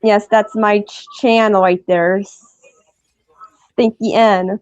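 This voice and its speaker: A woman calling in to a livestream panel, speaking in a hesitant, halting way with many restarts, over dull lo-fi call audio. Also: medium pitch, fairly even intonation, no room sound. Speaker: caller joining a livestream panel. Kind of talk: casual chat.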